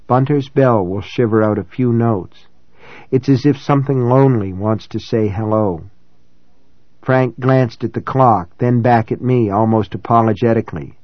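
A male audiobook narrator, neither high nor low in pitch, reads a first-person novel with quiet reflection and an even, measured delivery. The sound is dry, close and somewhat dull, with no echo.

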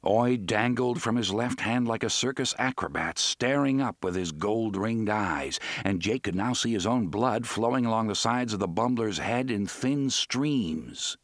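A man narrating an audiobook in a measured, dramatic storytelling manner. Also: lowish voice, lively intonation, dry recording, studio quality.

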